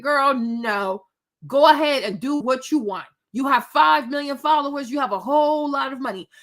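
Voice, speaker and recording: A woman's voice: high-pitched, a bit bright. A woman hosting a reaction commentary, scolding bluntly and cursing freely. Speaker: commentary host.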